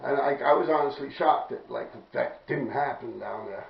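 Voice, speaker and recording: Animated New York man, gravelly voice. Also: mid-range voice, moderate pace, echoey room, distant mic, dull audio. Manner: profane, animated, acts out others' lines, laughs often. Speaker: storyteller recounting his graffiti days. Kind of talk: casual storytelling.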